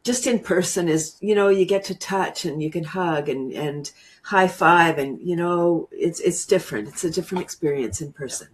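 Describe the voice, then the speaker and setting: A woman's voice: on the low side, normal speed. Bubbly woman coaching laughter yoga. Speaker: laughter yoga teacher, guest. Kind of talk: guided laughter exercise demo.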